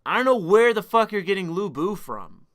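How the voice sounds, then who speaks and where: A man's voice: high-pitched, sing-song, fairly bright tone. A man live-streaming, talking at length and arguing with his chat, swearing freely and combative. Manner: profane, combative, quick to argue with chat.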